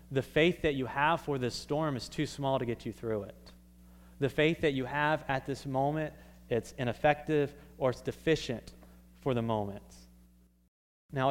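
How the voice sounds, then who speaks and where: Young pastor preaching casually. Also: male voice, medium pitch. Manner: conversational, many "like" fillers and restarts. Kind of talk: casual sermon.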